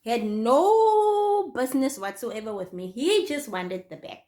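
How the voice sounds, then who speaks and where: A young woman from Namibia with a Namibian accent, telling her own story to her viewers in a casual, animated way. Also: fairly high pitch, measured pace. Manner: animated, addresses viewers directly. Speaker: YouTuber.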